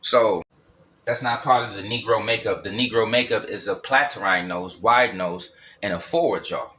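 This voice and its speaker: A man holding forth alone in a bright, forceful voice. He talks bluntly and profanely, looping back to repeat his points as he goes. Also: fairly low pitch, normal speed, a little hiss or hum. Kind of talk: solo ranting monologue.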